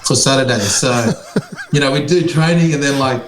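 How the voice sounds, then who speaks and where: A man's voice: mid-range voice, normal speed. A man in his thirties, a former pro player, telling stories in a casual chat with lots of fillers and laughter. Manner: laid-back, laughs through stories, many fillers. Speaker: podcast co-host, former pro rugby player. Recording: echoey room with faint background noise.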